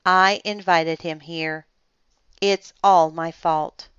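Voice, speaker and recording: A woman's voice: fairly low pitch, steady tone, slow pace, a bit bright, clear, resonant tone, dry recording, highs cut off. A woman voicing a worried, guilt-stricken young boy who mumbles, in a storybook reading.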